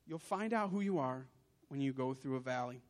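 A young adult man giving an emotional sermon testimony, building to forceful outbursts. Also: mid-range voice, lively intonation, brisk. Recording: long hall reverb.

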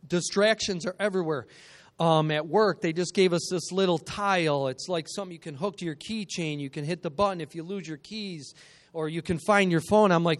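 Fired-up high-voiced man preaching. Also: fairly quick. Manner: energetic, joking, call-and-response. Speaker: guest preacher. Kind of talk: sermon. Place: church.

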